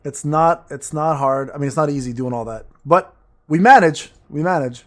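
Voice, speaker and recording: A man's voice: a little high, moderate pace. A man streaming a game and chatting casually with his viewers, joking crudely and rambling between plays. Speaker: gaming streamer reading chat. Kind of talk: casual livestream chatter while playing.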